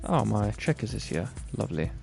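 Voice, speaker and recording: A man's voice: on the low side, big pitch swings, a little fast, gravelly, darkish tone, faint music behind. A man giving rambling, crude, joking commentary while he plays a racing game. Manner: rambling, jokey, crude humor. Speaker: gaming streamer. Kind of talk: casual gameplay commentary.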